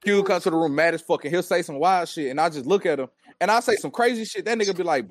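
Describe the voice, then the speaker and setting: Animated storyteller co-host, high pitch, fast delivery. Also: male voice, no room sound, studio quality. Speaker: podcast co-host. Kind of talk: casual chat.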